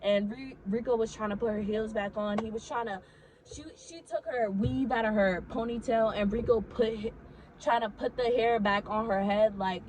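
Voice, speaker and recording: A woman's voice: medium pitch, a little mellow, slight background noise, poor audio. A young woman telling a casual story to her vlog audience. She talks animatedly, swears freely and fills her sentences with "like".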